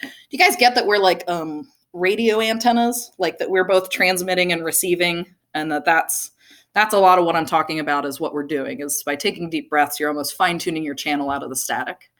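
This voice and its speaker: Telling a personal story from the stage, a young woman speaks fairly quickly in a voice that sits a little low. She's animated, laughs a lot, and peppers her talk with "like."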